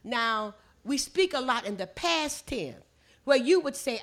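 An older woman from the Gullah coast with a Lowcountry Gullah accent, teaching her language to an audience and drawing out words for emphasis. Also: animated, measured pace, fairly bright tone. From Gullah coast of the southeastern US. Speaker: language and culture presenter.

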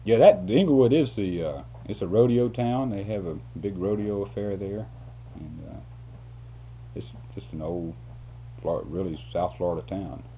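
A man's voice: low-pitched, moderate pace. An older man, a photographer, telling a rambling, chuckling story in an interview. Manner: chuckling, folksy, animated. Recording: tinny lo-fi tape with hum.

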